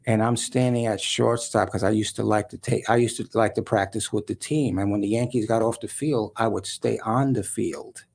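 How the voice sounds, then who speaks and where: A man guest on a talk show, telling a story in a lively way and acting out other people's voices. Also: fairly low pitch, normal speed, gravelly, hardly any pauses, husky.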